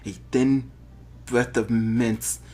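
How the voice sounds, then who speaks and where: A man voicing a gruff, mocking male guard in a read-aloud text game, barely changing his own voice. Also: medium pitch, level tone, extremely slow, warm tone.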